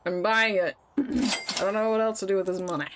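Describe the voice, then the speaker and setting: A woman's voice: mid-range voice, noisy background. A woman streaming a game, chatting casually, teasing and laughing often. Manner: giggly, playful, teasing. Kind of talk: casual gameplay commentary.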